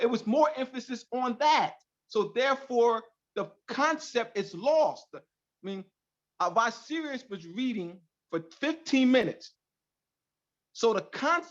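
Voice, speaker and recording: A man teaching a class on a video call, speaking emphatically and repeating key phrases. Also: extremely high pitch. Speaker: class instructor. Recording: dull lo-fi call audio.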